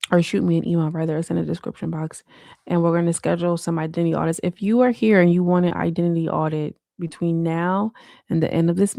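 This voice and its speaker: A woman's voice: on the low side, gravelly, warm tone, dry recording, studio quality. A woman hosting a casual late-night livestream, talking in slang and answering viewer comments. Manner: slangy, frequent "like" and "you know". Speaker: livestream host.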